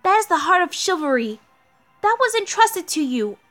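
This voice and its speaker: A woman's voice: very high-pitched, sing-song, moderate pace, fairly bright tone, faint music behind, voice pushed up, exaggerated voice. A woman voicing an earnest young female shield knight with an emphatic, determined delivery while reading a game story aloud.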